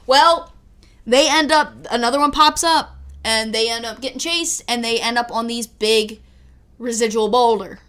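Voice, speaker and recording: A woman co-hosting a casual movie review podcast. Her voice sits a little high, and she retells the plot in a loose, chatty way. She often breaks into laughter and swears freely. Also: normal speed, fairly bright tone. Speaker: podcast co-host.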